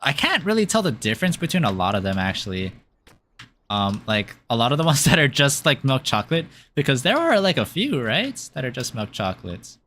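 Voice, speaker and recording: Male streamer, casual chat during gameplay; rambling and giggly, with a bright voice. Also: mid-range voice, huge pitch swings, fairly quick, slight background noise. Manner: rambling and giggly, with many fillers. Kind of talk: casual chat while playing a game.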